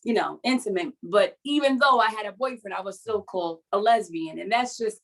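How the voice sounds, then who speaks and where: A woman who is a writer, hosting a support session and telling a personal story over a video call in an earnest, halting, confessional way. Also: mid-range voice, expressive, a bit bright, rough recording.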